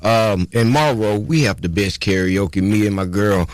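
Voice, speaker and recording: A man's voice: lowish voice, a little slow. Easygoing male radio co-host. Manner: easygoing, upbeat plugging. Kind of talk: casual radio banter.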